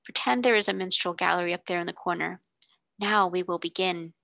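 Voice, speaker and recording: A woman's voice: lowish voice, fairly quick, gravelly, pushed and bright, dry recording. A woman voicing an imaginative young girl who speaks graciously, in a dreamy pretend-princess voice.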